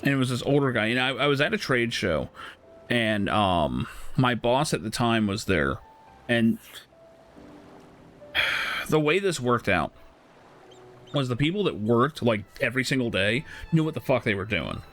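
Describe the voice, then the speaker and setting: Animated man telling a story, laughing. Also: medium pitch, a little slow, pauses often. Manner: animated, laughs often, swears casually. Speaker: streamer. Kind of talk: casual storytelling while gaming.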